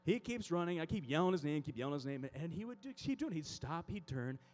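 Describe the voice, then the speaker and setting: A man gives a youth conference talk, telling a comic story and acting it out. His voice sits high and swings widely in pitch. He moves easily between jokes and earnest preaching. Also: fast talker. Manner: animated storytelling, comic, acts out scenes. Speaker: conference speaker.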